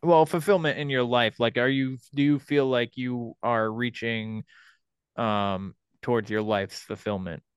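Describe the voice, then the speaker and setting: A man hosting a podcast interview in easygoing chat, quick to agree with his guest. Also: mid-range voice, steady tone, clear, resonant tone, no echo. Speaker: podcast host.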